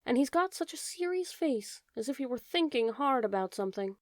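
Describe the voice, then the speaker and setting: A woman's voice: sits high, expressive, a little fast, no echo, pitched above the performer's own voice. A woman voicing a curious, polite young male fawn who speaks eagerly and with wonder, in a dry-sounding storybook reading.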